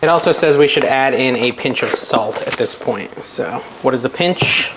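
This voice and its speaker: A man's voice: mid-range voice, moderate pace, noisy background. A young man hosting a casual cooking vlog in his home kitchen, chatty and self-deprecating as he thinks aloud while he cooks. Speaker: cooking video host.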